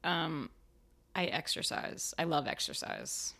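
An actor being interviewed as a guest, this woman chats casually and leans heavily on "like" as a filler. She speaks slowly in a low voice with wildly swooping pitch, vocal fry, and a bright, forceful tone.

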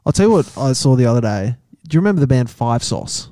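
A man's voice: mid-range voice, very animated, fast, dark tone, no echo, clean studio sound. An Australian man co-hosting a podcast, teasing and telling short anecdotes in a laid-back way. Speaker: podcast co-host. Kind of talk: casual crude banter.

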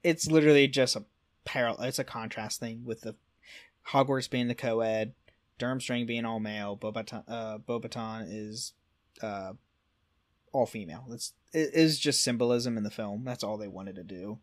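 Here a mid-range male voice moves at a normal speed as a casual podcast co-host goes over lore notes. French words trip him up, and he keeps pausing for fillers and fixing what he just said.

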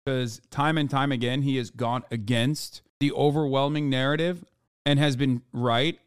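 A man's voice: medium pitch, fairly even intonation, moderate pace, clean tone, no room sound, clean studio sound. A man hosting a political stream, reacting to clips with profane, mocking rants. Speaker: streamer host. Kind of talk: casual political commentary.

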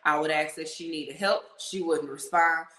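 A woman telling a story in casual podcast chat, animated and blunt, acting out the voices of people in it. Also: low voice, normal speed. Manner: animated, acts out quoted voices, swears. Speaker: podcast guest. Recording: roomy echo.

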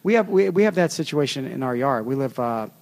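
A man's voice: mid-range voice, animated, a little fast, creaky, darkish tone. A middle-aged man in casual chat, telling rambling, self-mocking stories with frequent laughs.

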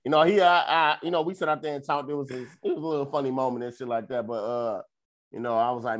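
A young man telling a long story on a podcast, profane and animated, jumping into loud high voices when he quotes people. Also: fast talker. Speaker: podcast co-host. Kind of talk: casual storytelling chat.

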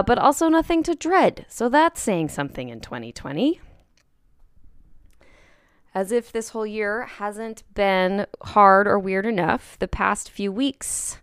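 A woman's voice: medium pitch, smooth, no room sound, studio quality. A woman hosting a podcast from her home kitchen, chatty, laughing between thoughts. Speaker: podcast host. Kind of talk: podcast intro monologue.

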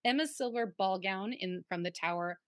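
Woman host, casual chat, effusive and quick to gush, dry mic. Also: medium pitch, dry recording. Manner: gushing, chatty, fond of swearing. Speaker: podcast co-host.

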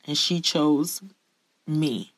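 A woman's voice: low-pitched, extremely slow, no echo. A woman telling a personal story to her viewers in an earnest, confessional way. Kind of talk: candid personal storytelling to camera.

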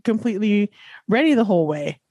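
A woman's voice: medium pitch, expressive, fairly quick, dark tone. Self-mocking woman in casual chat. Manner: self-deprecating, emphatic. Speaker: podcast co-host.

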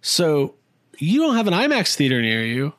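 Male podcast host, lively self-deprecating storyteller, dry close-miked sound. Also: on the high side, normal speed, no room sound. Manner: self-mocking, animated storytelling. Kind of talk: casual chat.

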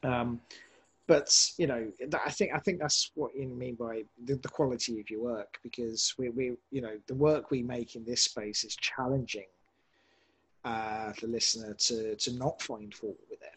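Man, podcast director, husky voice, lively and rambling in interview chat. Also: mid-range voice, moderate pace, low-quality recording. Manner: animated, rambling with many restarts. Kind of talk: casual interview talk.

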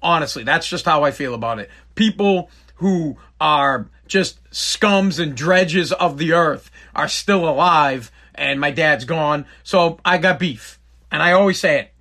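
Bright-voiced man telling a story. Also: fairly high pitch, a little slow. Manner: rambling, blunt, self-interrupting. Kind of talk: casual storytelling monologue.

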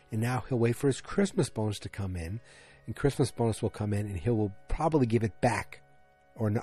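A man's voice: fairly low pitch, mellow, slightly rough. A man hosting a podcast, chatting casually and rambling, with frequent fillers and self-corrections. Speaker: podcast host recapping a TV episode. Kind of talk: casual chat.

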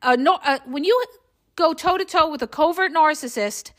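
A woman's voice: sits high, normal speed, a bit bright. A middle-aged woman hosting a podcast, talking bluntly and with emphasis as she keeps checking in with "okay?". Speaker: podcast host and relationship coach. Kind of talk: casual monologue.

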